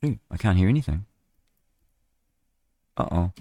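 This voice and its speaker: An older New Zealand man hosts live radio, reading the news but wandering into chatty, rambling asides punctuated by chuckles. His voice is low-pitched, expressive and mellow, a little slow, with no echo.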